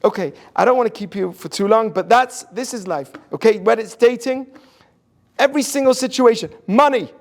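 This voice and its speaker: A man's voice: very high-pitched, fairly quick, creaky. A man, a rabbi, giving an inspirational talk to an audience and telling stories in an earnest way. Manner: earnest storytelling, drops to a hush for quoted lines.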